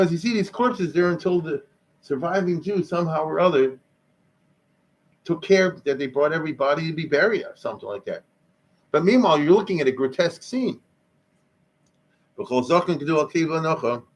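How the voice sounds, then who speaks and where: An older man teaches history as a rabbi, his voice sitting a little high. He talks conversationally, pressing his points with emphasis and slipping in Hebrew and Yiddish words. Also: rough recording. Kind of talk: informal history lecture.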